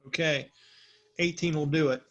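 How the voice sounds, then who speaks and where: A game master narrating a tabletop role-playing session in a relaxed, conversational way, asking players for rolls. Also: mid-range voice, normal speed, muffled recording, a little hiss or hum.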